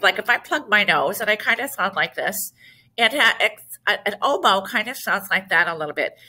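A woman music teacher explaining things gently and simply to young children, with many fillers. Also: medium pitch, slightly rough. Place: school classroom.

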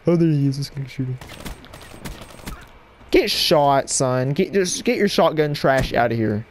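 A man giving live gameplay commentary at his computer desk at home, excitable and yelling at opponents in bursts, on a cheap mic with no windscreen. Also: medium pitch, unhurried, slight background noise. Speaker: gaming channel host. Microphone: cheap headset mic without windscreen.

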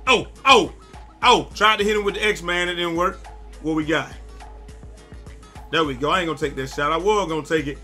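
A young man giving loud, excitable live commentary while playing a basketball video game, often yelling at his teammates. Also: a little high, normal speed, long pauses, faint music behind. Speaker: gaming YouTuber.

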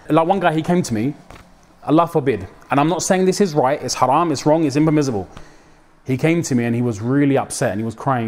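A man's voice: medium pitch, fast talker. A young man giving a mosque talk, casual and slangy, acting out quoted voices as he preaches. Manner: code-switches with slang, dramatic quoted voices.

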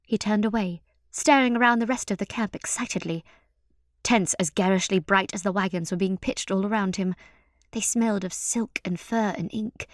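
A woman author narrating her own fantasy novel in a measured storytelling read. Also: mid-range voice, no echo. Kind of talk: scripted narration.

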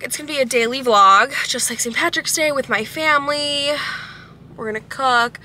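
A woman's voice: high voice, moderate pace, sharp tone. A young woman vlogger chatting casually and upbeat to her viewers from a car, full of "like" fillers. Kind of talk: casual vlog chat. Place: in a car at a drive-thru. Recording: car noise in the background.

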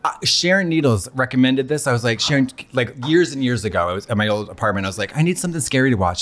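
A man co-hosting a casual comedy chat, campy, with deadpan wisecracks. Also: mid-range voice, quick pace, hardly any pauses. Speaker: co-host.

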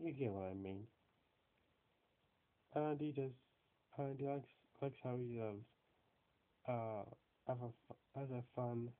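A man giving a casual spoken review of film characters, rambling and hesitant with many fillers and restarts. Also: mid-range voice. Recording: tinny phone-like sound.

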